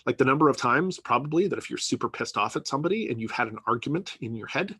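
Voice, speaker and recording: A man's voice: medium pitch, expressive, fast, sharp tone, breathy edge, no echo. Man giving a chatty university lecture. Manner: conversational, peppered with "right?" and "you know".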